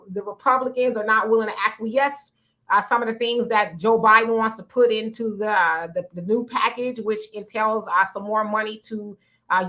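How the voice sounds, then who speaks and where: A woman's voice: medium pitch, sharp tone. A woman co-hosting a live online talk show, greeting viewers by name and chatting with many fillers. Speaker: livestream co-host. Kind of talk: casual livestream chat, reading comments.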